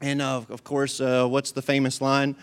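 Folksy joking preacher man, smooth voice. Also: mid-range voice, monotone, moderate pace. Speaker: pastor. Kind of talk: sermon.

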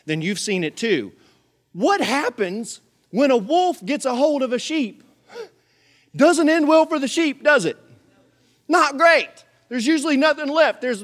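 Animated pastor man preaching, high voice. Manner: animated, acts out voices and jokes. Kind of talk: sermon.

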